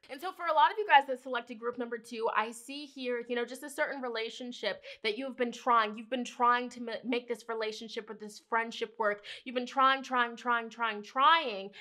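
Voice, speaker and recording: A woman's voice: a little high, sharp tone. A young woman giving an emotional, earnest tarot reading to her viewers, often repeating phrases and calling them "you guys". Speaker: tarot reader.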